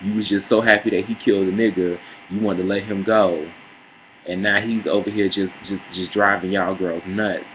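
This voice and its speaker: A man ranting sassily in a casual vlog, calling listeners girl and honey, heated and swinging between mutters and loud outbursts. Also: low voice, level tone, moderate pace, highs cut off, a little hiss or hum. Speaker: vlogger. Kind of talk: casual opinion rant.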